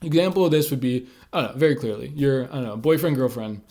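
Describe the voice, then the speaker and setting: A communication tips creator talks casually to camera, giving advice on conversation skills in a loose style with lots of filler words. His medium-pitched voice has a dark tone and moves at a quick pace.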